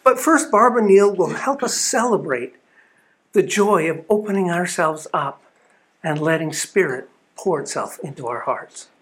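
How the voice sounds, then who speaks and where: A man's voice: sits high, lively intonation, moderate pace, fairly bright tone. A man giving an earnest, storytelling sermon at a spiritual living center. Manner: earnest storytelling with small restarts.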